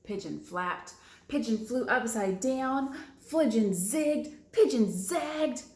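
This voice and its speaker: A woman reading a picture book aloud for small children, slow and gentle with playful asides to her listeners. Her voice carries a noticeable echo from the room she reads in. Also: fairly high pitch, lively intonation. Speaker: children's librarian. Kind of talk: storytime read-aloud for preschoolers.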